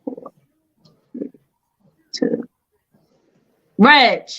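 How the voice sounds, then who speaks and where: A woman's voice: extremely slow, sharp tone, lo-fi sound. A woman hosting a casual online quiz show, playful and teasing with the players. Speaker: game show host.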